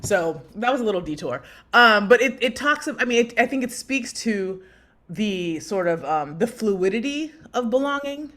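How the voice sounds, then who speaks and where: A woman in her thirties co-hosting a podcast, telling a story in lively conversation and acting out the voices of people she quotes. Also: normal speed. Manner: animated, acts out quotes with big pitch jumps. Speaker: podcast co-host.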